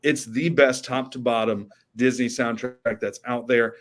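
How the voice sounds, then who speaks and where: An excitable young man talking in a casual podcast chat. He gushes about music, sometimes singing a line or scatting, and his pitch stays in a middle range. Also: measured pace. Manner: enthusiastic, sings snatches of songs. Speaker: podcast co-host.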